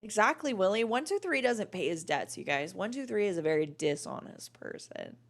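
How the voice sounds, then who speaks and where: A woman co-hosting a livestream in casual chat, blunt and swearing freely as she tells animated stories. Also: mid-range voice, moderate pace. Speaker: livestream co-host.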